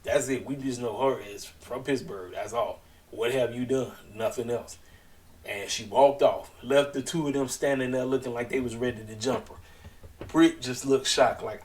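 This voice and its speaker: A man's voice: medium pitch, fairly even intonation, normal speed, a little mellow, far from the mic, slight background noise. A man giving a casual, slangy wrestling show recap, chatty and acting out what people said. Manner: chatty, slangy, retells scenes in quoted voices.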